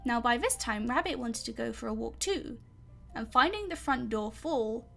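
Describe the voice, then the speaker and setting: A woman's voice: fairly high pitch, lively intonation, normal speed, gravelly, soft background music. Chatty British woman reading a storybook. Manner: chatty, trips over words. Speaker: reader. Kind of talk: casual storybook reading aloud.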